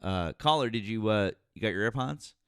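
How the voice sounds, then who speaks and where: A man's voice: lowish voice, animated, normal speed, fairly bright tone, smooth, no echo, clean studio sound. A man hosting a live call-in politics show, questioning callers bluntly and needling them. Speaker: host.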